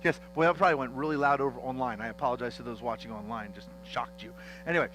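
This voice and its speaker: A man preaching a teaching sermon as pastor, animated and joking as he acts out the dialogue of a Bible story in church. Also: medium pitch, racing, a little hiss or hum, poor audio.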